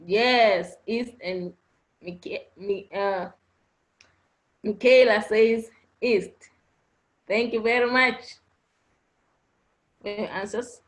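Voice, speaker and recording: A woman's voice: mid-range voice, fairly even intonation, very slow, long pauses, low-quality recording. A woman teaching an online class, patiently repeating points and checking understanding with frequent "okay?" prompts. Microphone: online video class audio.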